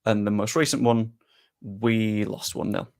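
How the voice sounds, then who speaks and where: A man's voice: lowish voice, steady tone, unhurried, creaky, darkish tone. A young British man hosting a live stream, chatting casually and rambling with self-deprecating humour. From United Kingdom. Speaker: streamer and host.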